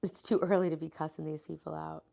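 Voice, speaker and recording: Chatty American woman streamer, low and gravelly, stuffed-up from a cold, greets her chat by name. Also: flat delivery, fast, warm tone. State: congested, sniffling. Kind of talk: casual live-stream chat.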